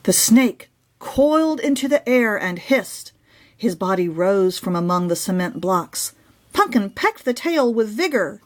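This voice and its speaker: A woman reading her own children's picture book aloud in an expressive storytelling manner. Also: medium pitch, a little slow.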